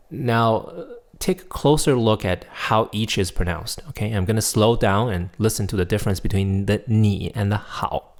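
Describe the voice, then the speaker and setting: A man's voice: lowish voice, moderate pace, darkish tone. A man teaching a pronunciation lesson, demonstrating sounds and checking in with the listener often. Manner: demonstrates tones, checks in with "right?" and "okay?". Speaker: Chinese teacher.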